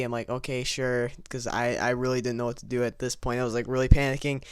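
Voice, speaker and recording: A man's voice: mid-range voice, little pitch movement, fast, few pauses, clear, resonant tone, dry recording, studio quality. A young man casually telling a rambling, self-mocking story with frequent stammers and restarts, recorded over gameplay. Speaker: vlogger telling a childhood story.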